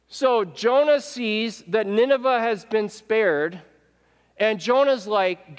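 A man preaching a sermon as pastor. He talks in an animated way, acts out quoted speech and puts questions to the congregation in a church sanctuary. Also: high voice, slow, in a large hall.

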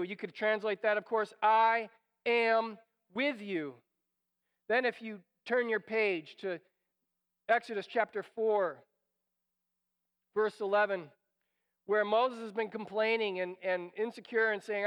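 A man preaching a sermon as pastor, animated and acting out quoted lines, sometimes dropping to a near whisper. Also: sits high, unhurried, long pauses, smooth.

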